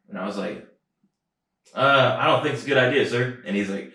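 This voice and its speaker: Man, lower voice, profane storyteller, far from mic, echoey room. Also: brisk, pushed and bright. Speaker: podcast co-host. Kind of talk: casual storytelling chat. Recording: roomy echo, distant mic.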